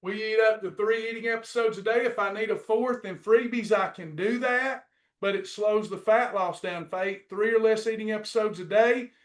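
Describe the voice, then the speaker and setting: High-voiced man coaching a faith-based diet class. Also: normal speed. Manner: preachy, repetitive, encouraging. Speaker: weight-loss program coach. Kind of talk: faith-based nutrition lesson.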